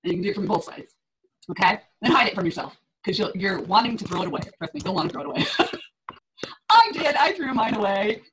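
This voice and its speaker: A woman's voice: medium pitch, big pitch swings, brisk, noisy background. A middle-aged woman fitness coach on a group call, talking in a chatty way, laughing often and acting out her clients' reactions.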